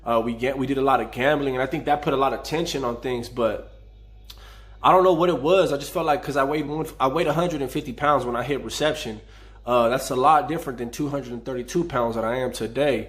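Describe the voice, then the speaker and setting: A man's voice: mid-range voice, fairly bright tone. A man from the San Fernando Valley telling a story casually, with vivid street slang. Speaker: channel host telling a prison story.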